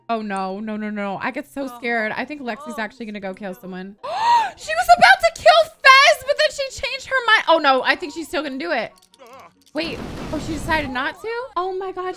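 Excitable high-voiced young woman gamer. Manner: excitable, gasps and shrieks at game events, swears freely. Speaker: gaming YouTuber. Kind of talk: casual gameplay commentary.

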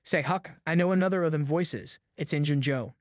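A man reads a nervous, mischievous boy in an audiobook, trying to sound brave in country dialect. His voice sits a little high, and the sound is dry and close. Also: brisk, dry recording, natural voice. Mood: nervous whisper.

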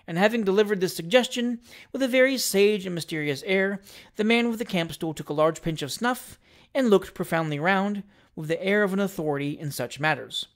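Measured, wry narrator of a classic novel. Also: mid-range voice. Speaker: reader. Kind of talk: audiobook reading of a classic novel.

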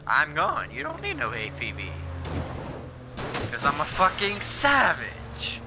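A man commentating his video game play, excitable and swearing, shouting at what happens on screen. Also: on the high side, takes it slowly, background noise. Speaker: streamer. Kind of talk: gameplay commentary. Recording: game sounds over the voice.

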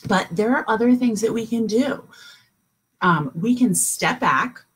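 A middle-aged woman teaching kindergartners over a video call at home, with a lively, sing-song teacher voice. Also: on the high side, unhurried, slightly rough. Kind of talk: online morning class for young children.

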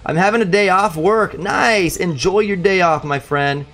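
Excitable young male gaming streamer. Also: high-pitched, normal speed, soft background music. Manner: excitable, chatty, greets viewers, calls them bro. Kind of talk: live gameplay commentary.

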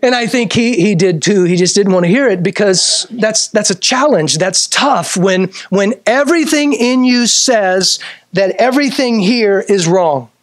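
A male pastor preaching a midweek sermon, emphatic, repeating key phrases and moving between slow, drawn-out lines and quick bursts. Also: sits high, expressive, dry recording, studio quality. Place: church service.

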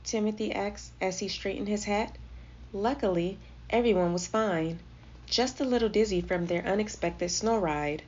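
A woman reading a children's storybook aloud with expressive, gentle storytelling. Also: medium pitch, moderate pace. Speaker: storybook reader. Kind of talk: children's read-aloud narration. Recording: slightly dull lo-fi audio with faint noise.

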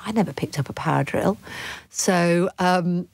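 Reflective woman speaking with low pitch. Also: gravelly, no room sound. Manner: halting, reflective, many restarts and fillers. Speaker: interview guest. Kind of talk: candid conversational interview.

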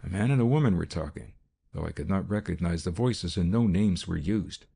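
In first-person audiobook narration, a man reads a detective story at a steady, measured pace. His voice is very low, gravelly and husky, with a dark tone.

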